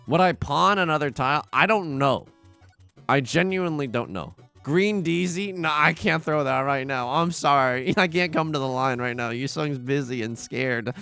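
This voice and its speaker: A man commentating live on his own tile game, excitable and jokey, yelping at setbacks and muttering while he counts tiles. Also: medium pitch, a little fast, vocal fry, no room sound, soft background music. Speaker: streamer playing a tile game.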